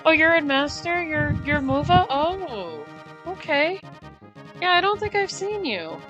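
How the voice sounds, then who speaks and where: A woman's voice: high-pitched, animated, a little slow, fairly bright tone, lo-fi sound, soft background music. A woman streaming a racing game live, chatting casually with viewers, greeting them by name and giggling often. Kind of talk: casual live-stream chat while gaming.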